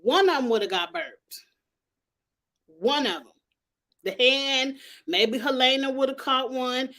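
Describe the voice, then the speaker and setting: A woman's voice: a little high, bright, forceful tone. A woman giving a casual, sassy TV review, talking bluntly and straight to the characters in slangy speech. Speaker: TV show reviewer. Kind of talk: casual commentary.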